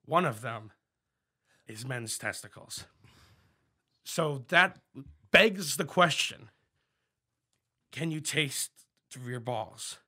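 A man's voice: medium pitch, expressive, takes it slowly, pauses often, bright, forceful tone, breathy edge. A young man in casual podcast chat, telling rambling stories with many restarts. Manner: rambling storyteller, many restarts and quoted voices. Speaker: podcast co-host.

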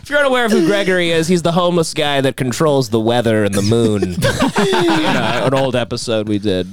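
A man's voice: medium pitch, brisk, over a noisy crowd. A man co-hosting a comedy podcast who riffs on bits in casual banter and keeps breaking into laughter. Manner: animated, laughing, riffing on bits. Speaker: podcast co-host.

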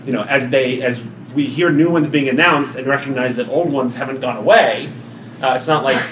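A man co-hosting a casual podcast discussion, talking in halting restarts with animated asides. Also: mid-range voice. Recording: roomy and distant with faint noise.

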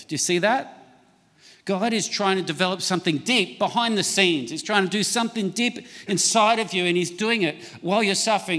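A middle-aged male pastor preaching a sermon, reading scripture slowly for emphasis and calling for amens from the congregation. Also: a little high, fairly bright tone, in a large hall. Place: church.

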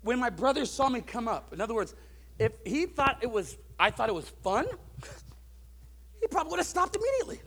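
A preacher man with a strikingly high voice and a gravelly edge. His pitch moves in lively leaps as he shifts from hushed, reflective talk to loud, driving calls to the congregation. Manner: swings from soft musing to loud preaching peaks. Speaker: pastor. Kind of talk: sermon.

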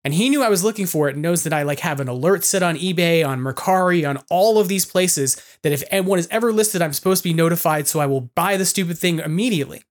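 Excitable rambling man, podcast host. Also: fairly high pitch, fast talker, few pauses. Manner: excitable, rambling storyteller who laughs often. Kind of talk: casual chat.

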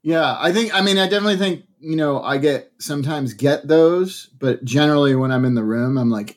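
A man's voice: fairly high pitch, fairly quick, hardly any pauses. A man, an actor, chatting casually on a podcast with wry, joking asides.

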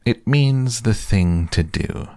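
A man's voice: mid-range voice, animated, takes it slowly, a little mellow, smooth, no room sound, studio quality, pitched above the performer's own voice. A man voicing a pompous, wordy old male owl in a storybook reading. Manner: long-winded, pompous.

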